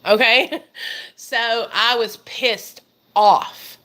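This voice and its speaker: A woman's voice: fairly high pitch, fairly even intonation, very slow, bright, forceful tone. A woman, telling a story to her viewers in a profane, emphatic way. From Arkansas, USA. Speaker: vlogger. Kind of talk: casual storytime monologue.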